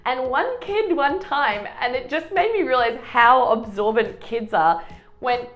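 A woman in casual chat, sympathetic and quick to laugh. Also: high-pitched, fairly bright tone.

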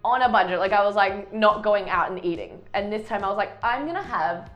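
A woman's voice: mid-range voice, fairly even intonation, quick pace, a bit bright, highs cut off, faint music behind. A woman co-hosting a casual podcast chat, laughing easily as she tells stories. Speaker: podcast co-host.

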